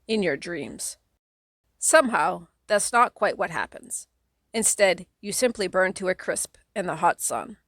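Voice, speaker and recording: A woman narrating a children's audiobook in a steady, plain storytelling manner. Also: lowish voice, unhurried, dry recording, clean studio sound. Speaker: audiobook reader.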